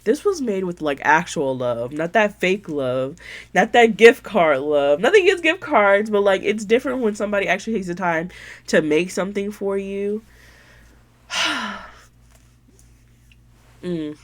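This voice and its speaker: A woman's voice: mid-range voice, animated, normal speed. A woman hosting her podcast in casual show-and-tell chat, gushing and sentimental, with lots of filler words. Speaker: podcast host.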